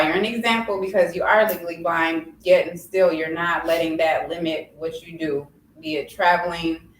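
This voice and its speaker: A woman hosting a casual interview, asking careful, encouraging questions. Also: on the low side. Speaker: host. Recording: roomy with faint noise.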